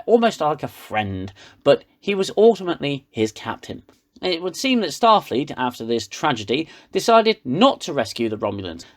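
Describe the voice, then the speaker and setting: A man with a British accent giving a sarcastic, rambling comedic recap of a TV episode. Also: mid-range voice. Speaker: reviewer.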